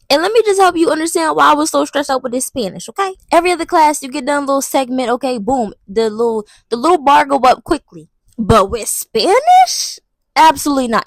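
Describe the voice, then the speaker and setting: A woman's voice: high voice, dry recording. A young woman telling a dramatic, slangy storytime vlog. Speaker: vlogger. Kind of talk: casual storytime monologue.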